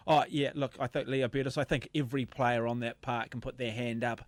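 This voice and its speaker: A man with a New Zealand accent hosts a talkback radio show. He is excited and emphatic, taking calls one after another. His voice is close and dry in the studio. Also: mid-range voice, brisk, no room sound.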